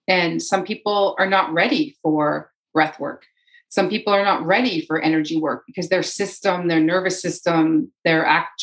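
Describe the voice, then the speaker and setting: Woman, lower register, podcast guest, unhurried repeating talker. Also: poor audio. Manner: flowing, repeats phrases, voices inner thoughts in quotes. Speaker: guest, energy healer. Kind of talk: casual podcast interview.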